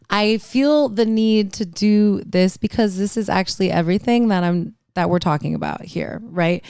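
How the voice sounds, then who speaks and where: A woman's voice: mid-range voice, a little mellow, clean tone, no echo, studio quality. A woman hosting her own podcast, chatting casually on her own, rambling and restarting her thoughts, emotional and playful. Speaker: podcast host. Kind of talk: casual solo podcast chat.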